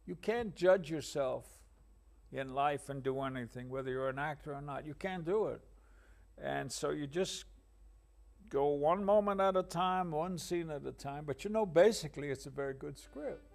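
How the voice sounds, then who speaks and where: A man with a gravelly, fairly high voice speaks slowly and reflectively in an old interview. He pauses often and restarts his thoughts as he searches for words. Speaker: actor interviewee. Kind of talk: archive interview.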